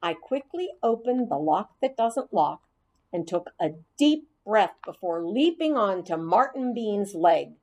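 A woman's voice: mid-range voice, big pitch swings, measured pace, darkish tone. A woman narrating a children's storybook in the first person as a hamster, reading expressively.

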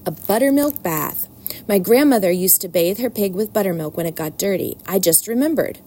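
A woman's voice: medium pitch, animated, normal speed, warm tone, close to an everyday voice. A woman voicing a determined, insistent farm wife in a storybook reading. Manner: firm, insistent.

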